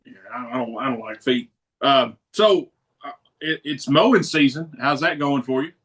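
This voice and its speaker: Teasing radio co-host with a bright voice. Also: male voice, medium pitch, normal speed. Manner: teasing, joking. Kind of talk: casual chat.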